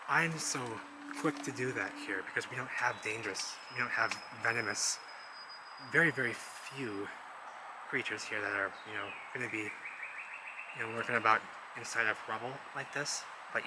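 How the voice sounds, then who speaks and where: A man vlogging outdoors among rubble, rambling excitedly and talking straight to his viewers as he points things out. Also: mid-range voice. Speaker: vlogger exploring ruins. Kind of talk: casual walk-and-talk commentary. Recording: loud outdoor traffic noise.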